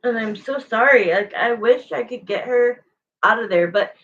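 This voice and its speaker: A woman's voice: fairly high pitch, moderate pace, a bit bright, muffled recording, a little hiss or hum. A woman tarot reader chatting casually and frankly with viewers on a livestream.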